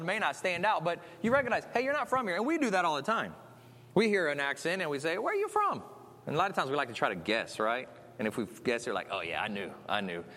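Male preacher, high voice, conversational sermon, chatty with tag questions, long hall reverb. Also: pushed and bright.

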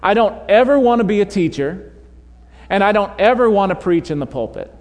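A young man preaching a sermon, animated and storytelling, acting out voices in the quotes he tells. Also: sits high, brisk. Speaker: pastor. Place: church sanctuary. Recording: long reverb of a church hall.

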